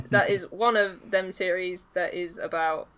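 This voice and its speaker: A woman from England hosting a casual chat, talking freely and laughing often, and reading aloud haltingly at times. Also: lowish voice, fairly bright tone. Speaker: host.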